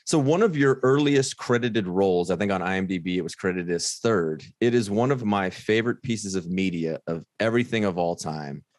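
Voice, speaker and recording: A man's voice: low voice, a little fast, hardly any pauses, dry recording, studio quality. A man hosting a casual podcast interview, talking in an enthusiastic, rambling way full of fillers. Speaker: podcast host.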